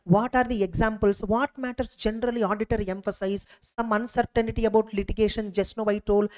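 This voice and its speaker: A man's voice: high voice, steady tone, fairly quick, a little mellow, low-quality recording. A man with an Indian English accent giving a recorded exam revision lecture, repeating key points and asking rhetorical questions. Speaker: exam coaching tutor.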